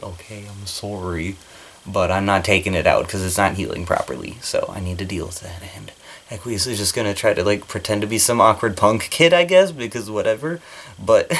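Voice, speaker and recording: A man vlogging about his cosplay from a corner of his small bedroom, excitable and giggly, with a slight lisp. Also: lowish voice. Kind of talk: casual vlog.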